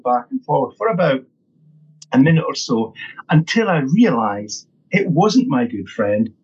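A man's voice: on the high side, husky. A middle-aged man, a training consultant, answering interview questions in an upbeat, emphatic way, often repeating words. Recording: dull lo-fi sound.

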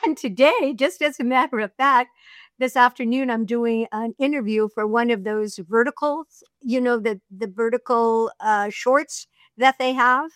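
A woman's voice: on the high side, smooth, dry recording, clean studio sound. A middle-aged woman, a voiceover artist and audiobook narrator, chatting in an interview and telling stories with easy laughs. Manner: chatty, storytelling, quick to laugh. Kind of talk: casual interview chat.

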